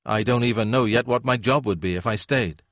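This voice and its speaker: A man's voice: medium pitch, a little fast, a bit bright, dry recording. A polite, unsure young scholar feeling his way through a conversation, as a male narrator reads him. The sound is dry and close-miked, in an audiobook reading. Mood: tentative. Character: young male academic, tentative and eager.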